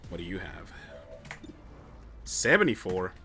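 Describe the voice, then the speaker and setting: A man's voice: deep voice, big pitch swings, a little slow, loud music behind the voice. A young man commentating his own gameplay on a live stream, chatty and joking as he thinks aloud. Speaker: game streamer.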